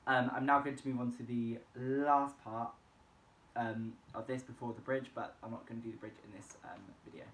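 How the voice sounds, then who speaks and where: A man's voice: medium pitch, fairly even intonation, moderate pace, a bit bright, distant mic. Man, singing student, self-critical, thinking aloud, roomy echo, faint hum. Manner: self-critical, talks through each attempt. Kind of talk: thinking aloud about his own vocal practice. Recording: echoey room with faint hum.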